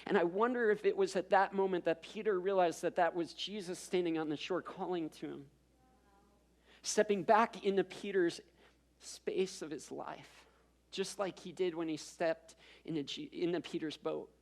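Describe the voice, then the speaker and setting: A man's voice: sits high, steady tone, moderate pace. A man preaching a sermon as pastor, telling a story in a conversational way with self-deprecating asides and repeated words as he builds up.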